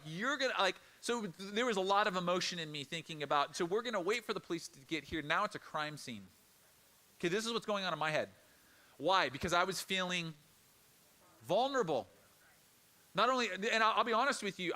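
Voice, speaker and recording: During his sermon, this high-voiced, middle-aged pastor shares a story from his own life. His delivery is lively and conversational, and he performs the quoted dialogue as he goes.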